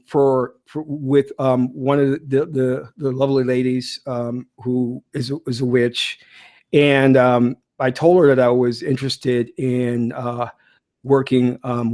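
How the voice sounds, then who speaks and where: A man in a casual spiritual monologue, lecturing bluntly and preaching at his listeners. He tells stories with animation, stumbling through fillers and restarts as he goes. His voice sits at an ordinary middle pitch. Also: a little mellow. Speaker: spiritual teacher.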